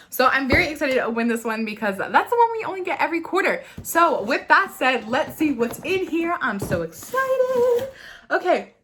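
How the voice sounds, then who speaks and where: A young woman vlogging a beauty unboxing, gushing and tearful with excitement, talking straight to the camera. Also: on the high side, background noise.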